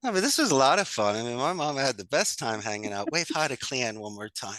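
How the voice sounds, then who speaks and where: As a podcast guest in a conversational interview, an upbeat call center owner talks fast in a bright, forward, sing-song mid-range voice. Folksy sayings and easy humor fill his chat, and the dry, close recording has no room around it.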